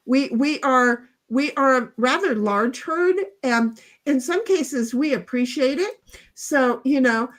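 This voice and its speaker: A woman co-host talks slowly and loosely on a casual livestream, her voice pitched a little high. She rambles with playful, self-mocking humor as she reacts to viewer comments. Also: fairly bright tone. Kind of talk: casual chat, reading viewer comments aloud.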